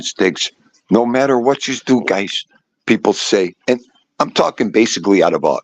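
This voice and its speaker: A man's voice: fairly low pitch, no room sound, muffled recording. A man who works as a union laborer, telling a job-site story in casual chat and calling his co-host by a nickname.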